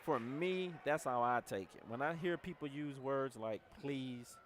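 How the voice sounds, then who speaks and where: A man's voice: medium pitch, expressive, moderate pace, background noise. A man leading a motivational team training talk, blunt and direct, telling his team how to handle calls. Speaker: team leader.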